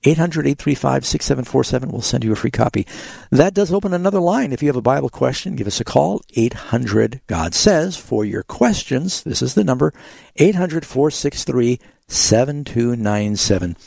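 A man's voice: medium pitch, expressive, moderate pace, gravelly, darkish tone, no room sound. A man hosting a call-in Bible radio show, patiently explaining scripture to callers with frequent fillers. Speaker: radio Bible program host.

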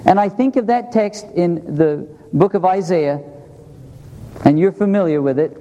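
A man's voice: high voice, unhurried, warm tone. A middle-aged man preaching a sermon in a church, earnest, asking the congregation questions as he talks. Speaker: pastor. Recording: long hall reverb.

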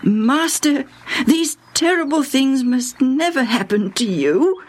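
A woman's voice: sits high, lively intonation, slow, a little hiss or hum, pitched above the performer's own voice. A woman voicing an impulsive male disciple in a storybook, urgent and pleading. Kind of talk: storybook narration. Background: music.

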